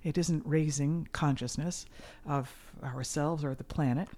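A middle-aged woman talking as a guest musician in a casual interview, earnest and animated. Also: low-pitched, unhurried. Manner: earnest and animated, with sudden loud mimicry.

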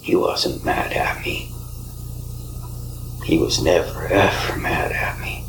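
A man hosting a podcast, telling spiritual stories softly, often dropping to a whisper. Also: extremely low pitch, rough recording. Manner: slow, soft-spoken, often whispering. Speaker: podcast host. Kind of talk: spiritual storytelling.

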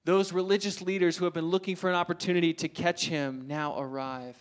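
A male pastor preaching a sermon, telling the story dramatically, swinging from loud emphasis to hushed asides. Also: a little high, smooth.

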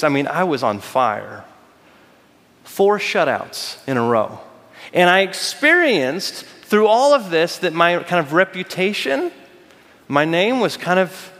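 A man preaching a sermon, telling a personal story with lively acted-out quotes. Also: high-pitched, in a large hall. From United States. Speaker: pastor.

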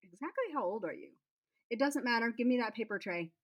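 A woman's voice: high-pitched, very animated, fairly quick, dull audio, pitched above the performer's own voice, heavily acted. A woman voicing a prickly, easily flustered young heroine who snaps back. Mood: snappish. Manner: sharp, snapping.

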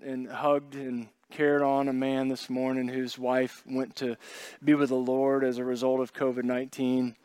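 A man's voice: mid-range voice, dry recording. A man preaching a sermon as pastor, talking in a conversational way with joking asides and acting out what people might have said. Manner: conversational, joking asides, acts out quoted voices.

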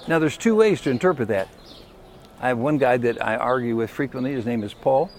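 A man's voice: mid-range voice, brisk. A man preaching a sermon in a folksy, emphatic way, often putting questions to the congregation.

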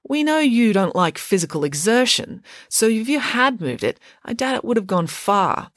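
A woman's voice: fairly high pitch, very animated, normal speed, no echo, studio quality, voice pushed up. A woman voicing a clever, precise schoolgirl detective who reasons step by step. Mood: deductive. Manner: crisp, logical, deducing step by step.

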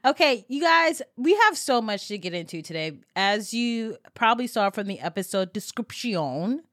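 Giggly young woman hosting a podcast, higher voice. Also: sing-song, moderate pace, no room sound, clean studio sound. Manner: giggly, playful, jokes in silly put-on accents. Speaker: podcast host. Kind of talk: casual podcast chat.

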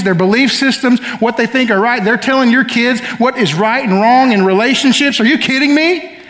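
High-voiced preacher in a reverberant hall. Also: male voice, a bit bright. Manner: emphatic, calls for audience responses. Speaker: pastor. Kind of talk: sermon. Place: church sanctuary. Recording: long reverb of a church hall.

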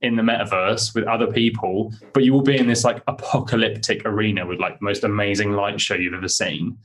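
Excitable man telling stories. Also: on the low side, brisk. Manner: excited, rambling storyteller with many fillers. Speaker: podcast guest. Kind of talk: casual interview chat.

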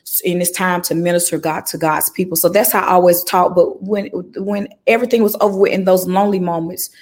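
A woman gospel recording artist, a guest in a conversational interview, telling her story with emotional, animated testimony. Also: fairly low pitch, fairly quick.

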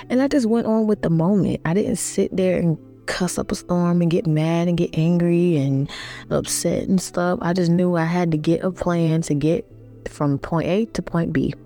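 A woman vlogger talking in a relaxed, reflective monologue, chatty and informal with many fillers. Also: on the low side, normal speed, soft background music.

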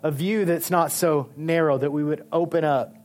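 A male pastor preaching a sermon in a conversational, animated way, with emphatic peaks. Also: fairly high pitch, moderate pace.

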